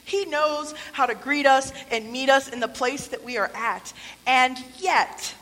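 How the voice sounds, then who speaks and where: Lady pastor giving a chatty, jokey sermon, kinda high voice, big echoey church. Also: measured pace, fairly bright tone. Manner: conversational, playful asides, acted-out quotes. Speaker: preacher. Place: church sanctuary. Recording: long hall reverb.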